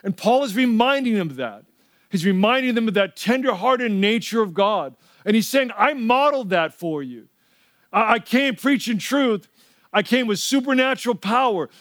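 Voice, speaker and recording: A man's voice: sits high, fairly bright tone, no room sound, studio quality. A middle-aged male pastor preaching a sermon, telling stories in a conversational way and prompting the audience to respond.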